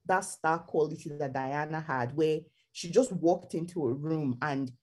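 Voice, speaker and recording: A woman's voice: deep voice, measured pace, a little mellow. A woman co-hosting a podcast in casual chat, explaining her views at length in a thoughtful, storytelling manner. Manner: thoughtful storytelling with acted quotes. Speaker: podcast co-host.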